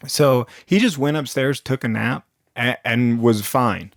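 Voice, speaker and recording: A man's voice: medium pitch, measured pace, no room sound, clean studio sound. A young man improvising rambling comic stories, full of fillers and frequent chuckles. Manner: rambling, chuckles between lines, lots of fillers. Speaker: storyteller.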